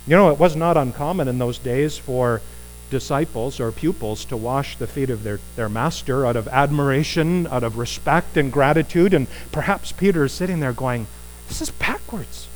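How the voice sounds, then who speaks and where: A man preaching a conversational sermon, animated and putting rhetorical questions to his listeners. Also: medium pitch, normal speed, a little hiss or hum, poor audio.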